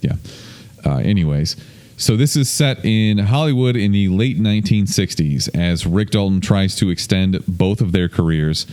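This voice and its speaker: A man's voice: deep voice, expressive, moderate pace, a little mellow, clean tone. A man hosting a podcast in loose, rambling casual chat, swearing freely. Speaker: podcast host. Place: indoor room, streamed on video.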